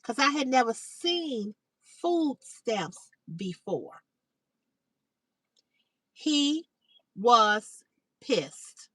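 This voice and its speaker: A middle-aged woman hosting a livestream, telling a story casually to her chat, acting out the quoted lines in a higher voice and swearing freely. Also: extremely slow, pauses often, breathy edge, dry recording, distant mic, rough recording. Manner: animated, acts out quoted dialogue in a higher voice. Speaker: livestream host.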